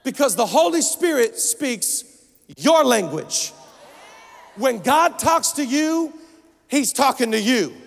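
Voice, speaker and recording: High-voiced gravelly preacher in a big hall. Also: male voice, slow, pauses often. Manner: energetic, shouting punchlines then dropping to storytelling. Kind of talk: sermon. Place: large conference hall. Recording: long hall reverb.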